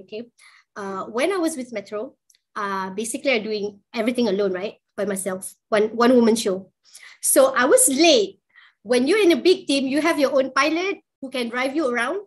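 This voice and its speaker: High-voiced chatty woman. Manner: animated, chatty, with frequent "like" and "man". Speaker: guest speaker, freelance journalist. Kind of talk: casual storytelling to an online class.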